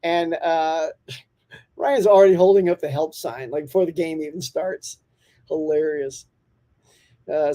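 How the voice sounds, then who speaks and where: A man hosts a relaxed morning live stream, chatting warmly and reading out viewer comments. His voice is mellow and rounded. He stays upbeat and talkative, with frequent laughter. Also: high voice. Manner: reads out and answers viewer comments.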